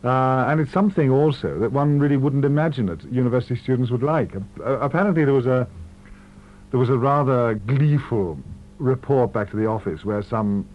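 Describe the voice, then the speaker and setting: A man in his forties, an actor, talking expansively in a radio interview, full of animated anecdotes. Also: medium pitch, moderate pace. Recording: muffled 1970s radio archive with hum.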